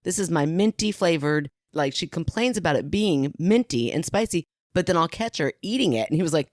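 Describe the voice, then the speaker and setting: A woman in her thirties co-hosting a podcast, telling a story in a casual, animated way and laughing often. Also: low-pitched, a little fast, dry recording, clean studio sound. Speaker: podcast co-host.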